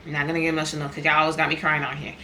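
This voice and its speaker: Talking very fast while she eats, a young woman vlogger speaks candidly and says things again for emphasis. Her voice sits low with a level tone, bright and forceful, and a little hiss or hum is audible.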